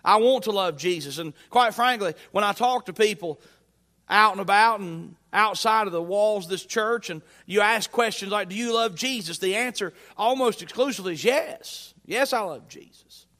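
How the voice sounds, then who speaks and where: Male pastor, high voice, folksy conversational sermon, long church reverb. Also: normal speed, sharp tone. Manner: folksy, conversational preaching with rising emphasis. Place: church sanctuary.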